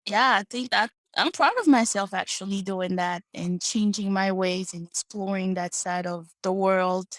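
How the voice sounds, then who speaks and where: A woman in her late twenties telling personal stories as a podcast guest, soft-spoken, reflective and earnest. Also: mid-range voice, steady tone, moderate pace, no room sound. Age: 20s. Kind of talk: personal storytelling.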